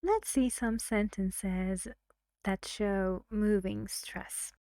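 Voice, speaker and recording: Very slow, mellow-voiced woman teacher. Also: medium pitch, fairly even intonation, no room sound. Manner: slow, carefully enunciated, often drops to a soft whisper. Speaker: English pronunciation teacher. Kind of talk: recorded pronunciation lesson.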